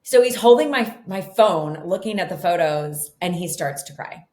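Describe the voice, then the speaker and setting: A middle-aged woman, a guest author, telling her story in a casual interview, chatty and animated with lots of "like" and "you know". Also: fairly low pitch, moderate pace. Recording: echoey room.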